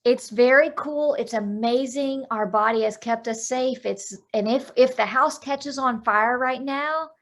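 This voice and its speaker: Gravelly-voiced woman life coach. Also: a little high. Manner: practical, demonstrates breathing by counting slowly. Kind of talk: podcast interview, explaining calming techniques.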